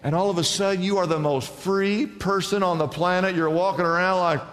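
A man's voice: sits high, brisk, few pauses. A male pastor preaching a sermon, telling stories and acting out the people in them. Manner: animated storytelling with acted-out voices. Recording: long reverb of a large hall.

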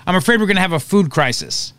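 Man, talk show host, high voice, emphatic, sarcastic, political commentary, dry close studio mic. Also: lively intonation, fast talker, a bit bright, no room sound.

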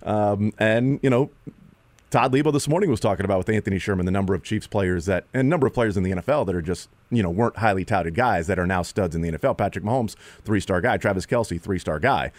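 A man with a fairly low voice hosts sports talk radio, rambling through his points in a loose, animated way. The sound is dry and close, with no room around it. Now and then he jumps up in pitch to mimic a player. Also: fast talker, no room sound.

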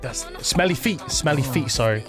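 A man co-hosting a radio show, mocking his friends and quick to laugh. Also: medium pitch, animated, music in the background. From New Zealand. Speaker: radio co-host. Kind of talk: casual radio banter.

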